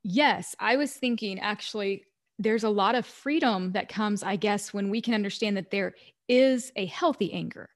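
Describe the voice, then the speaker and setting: A woman's voice: medium pitch, normal speed. A woman hosting a faith-based parenting podcast, who listens and responds thoughtfully. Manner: affirming, reflective listener. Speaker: podcast host. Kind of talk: podcast interview.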